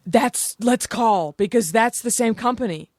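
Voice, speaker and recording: A woman's voice: on the high side, animated, slow, slightly rough, no echo, clean studio sound. A woman hosting a comedy podcast, upbeat and steering the chat. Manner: upbeat, leading the conversation. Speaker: podcast host. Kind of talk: casual chat.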